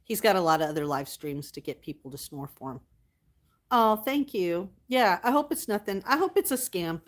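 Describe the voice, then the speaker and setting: A chatty woman hosting her own livestream, talking loosely and easily to her viewers. She keeps answering their comments as they come in and thanks them often and warmly. Her pitch sits in an ordinary middle range for a woman. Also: expressive, moderate pace. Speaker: livestream host. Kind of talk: casual livestream chat.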